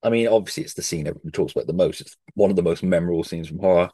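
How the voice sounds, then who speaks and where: A man's voice: sits low, very fast, warm tone, breathy edge, no echo. A man hosting a casual podcast chat about a horror film, eager and sweary, acting out lines from it. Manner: enthusiastic, swears, acts out quotes. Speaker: podcast host.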